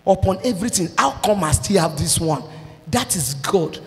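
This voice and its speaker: A Nigerian woman pastor preaching a sermon, breaking into shouted and sung outbursts. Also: on the low side, expressive, normal speed, in a large hall.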